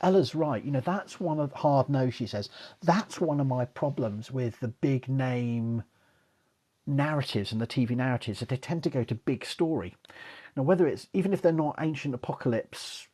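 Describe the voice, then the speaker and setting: A man's voice: mid-range voice, normal speed, dark tone, husky. A middle-aged man, an archaeologist, hosting a casual live Q&A, rambling and swearing with lots of asides. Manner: rambling, sweary, chatty, many asides and "you know"s. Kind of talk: casual live-stream Q&A chat.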